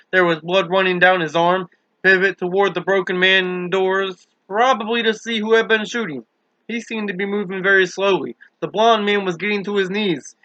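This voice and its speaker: Bright-voiced male audiobook narrator. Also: sits high, no echo. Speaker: audiobook reader. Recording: dull lo-fi dry recording.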